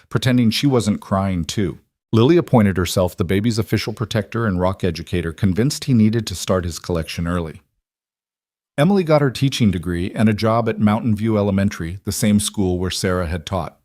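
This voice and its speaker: Low-voiced male storyteller, dry. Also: a little fast, darkish tone, no room sound. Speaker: narrator. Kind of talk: scripted story narration.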